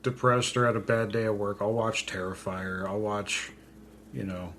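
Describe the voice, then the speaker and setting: A man's voice: fairly low pitch, level tone, normal speed, a bit bright, slight background noise. A man co-hosting a casual podcast from home, joking and self-deprecating as he talks through a movie. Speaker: podcast co-host. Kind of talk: casual chat. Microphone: pink studio mic.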